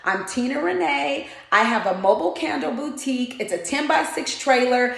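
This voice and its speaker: A woman vents to camera in an indignant storytime rant, acting out what each person said. Her voice sits fairly high. The room gives it a noticeable echo. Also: lively intonation, normal speed, vocal fry, few pauses, fairly bright tone. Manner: indignant, retells dialogue in quoted voices. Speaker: vlogger, mobile candle vendor.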